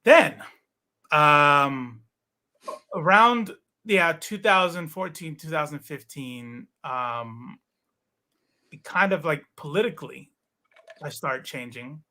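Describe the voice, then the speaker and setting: A man's voice: fairly high pitch, lively intonation, slow pace, long pauses, sharp tone. A man in his forties, a guest in a casual interview, telling a long personal story with many fillers and restarts. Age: 40s. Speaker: podcast guest.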